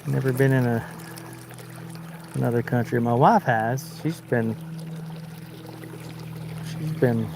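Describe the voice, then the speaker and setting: A man's voice: medium pitch, slow, vocal fry, long pauses, noisy background. Southern American male fishing host, easygoing and talkative, live outdoors with a faint river wash behind him. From Arkansas, United States. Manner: chatty, reads out viewer comments while fishing. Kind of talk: casual live-stream chat. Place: outdoors wading in a river under a bridge.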